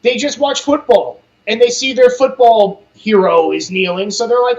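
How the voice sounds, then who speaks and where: Blunt, profane and animated, this man chats casually about politics as a podcast guest. His voice is very high-pitched at a moderate pace, and the audio is dull lo-fi.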